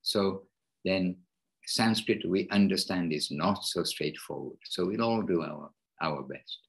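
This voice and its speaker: A man with a deep voice runs an informal devotional class over an online call. His tone is husky and a little breathy. He often stops and rephrases himself mid-sentence as he explains. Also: a little slow, rough recording. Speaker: class host.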